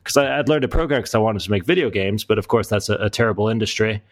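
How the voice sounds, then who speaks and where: A man's voice: lowish voice, quick pace, no echo. A middle-aged American man from Florida, a guest talking casually and self-deprecatingly in an interview, often restarting his sentences. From United States (Florida). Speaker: guest, author and entrepreneur.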